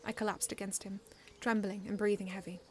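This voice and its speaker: A woman reading her own first-person fan story aloud in an earnest, expressive way, often restarting lines. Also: mid-range voice, fairly quick, husky.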